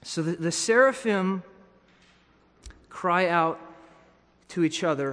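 A man's voice: high voice, takes it slowly, long pauses, a bit bright, big-room sound. A man preaching a sermon in a teaching manner, often restarting and repeating words.

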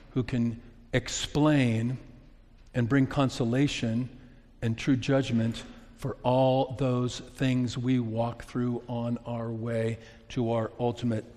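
A male pastor delivering a sermon in an unhurried, deliberate cadence. He pleads earnestly, swelling on emphatic phrases and sinking low and soft between them. His voice trails off in the long echo of a large sanctuary. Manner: earnest, rising to emphatic peaks then dropping soft. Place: church sanctuary. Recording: long reverb of a large hall.

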